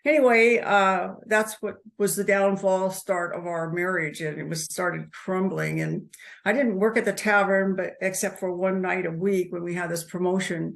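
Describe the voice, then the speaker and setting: Gravelly-voiced older woman recounting her life. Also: lowish voice. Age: 70s. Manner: halting, many restarts, soft laughs. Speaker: interview guest, author. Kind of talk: personal life story told in conversation.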